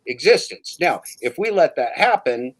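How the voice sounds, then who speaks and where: A man's voice: fairly high pitch, big pitch swings, normal speed, poor audio. A man hosting a livestream chat, ranting emphatically and repeating his listener's name for effect. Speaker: livestream host. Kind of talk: casual chat.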